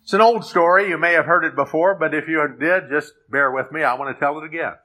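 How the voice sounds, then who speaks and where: Bright-voiced man preaching a sermon. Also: on the high side. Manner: earnest, measured preaching. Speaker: pastor.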